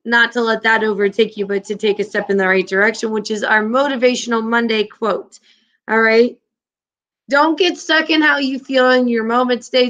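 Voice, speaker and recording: A woman's voice: on the high side, a bit bright, lo-fi sound. A woman teacher leading an online class, upbeat and encouraging with her students.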